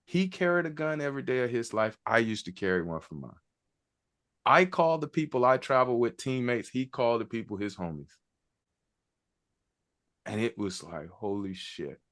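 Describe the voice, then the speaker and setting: A man's voice: medium pitch, very animated, moderate pace, long pauses, fairly bright tone. A middle-aged man and military veteran telling a personal story in a casual, reflective way, quoting the people involved. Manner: casual, reflective, quotes others in conversation.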